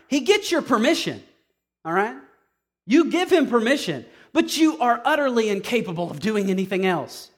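Emphatic high-voiced male preacher. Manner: emphatic, conversational, swings between quiet and loud. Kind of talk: sermon.

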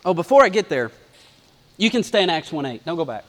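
A man preaching a sermon in a lively, conversational way, acting out asides as he reads scripture. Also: on the high side, a little fast, big-room sound. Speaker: pastor.

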